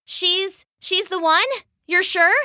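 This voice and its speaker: A woman voicing an earnest, gentle young man in a storybook, exclaiming in a raised, eager voice. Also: big pitch swings, measured pace, no room sound, clean studio sound, full character voice. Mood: anxious. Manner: eager, exclaiming, pitched up high. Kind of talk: storybook character voice.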